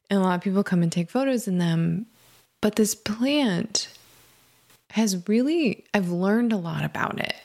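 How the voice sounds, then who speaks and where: A woman in her thirties hosting a meditation podcast, talking in a gentle, rambling, reflective way, her voice a little scratchy from allergies. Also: fairly low pitch, vocal fry. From Michigan, USA. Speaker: podcast host. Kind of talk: casual meditation podcast intro.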